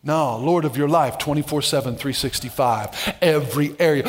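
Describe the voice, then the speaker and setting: Pastor, male, high-pitched; dynamic sermon delivery, joking and then shouting for emphasis. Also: expressive, moderate pace, few pauses. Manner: dynamic, swings from soft asides to shouted emphasis; playful, with humorous asides and call-outs to the congregation.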